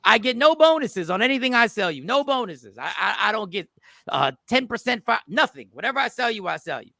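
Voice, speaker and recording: A man's voice: high-pitched, brisk, gravelly, dry recording, clean studio sound. A comedian hosting a casual live stream, greeting his viewers in slang and acting out both sides of a customer argument. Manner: animated, acts out both sides of customer exchanges.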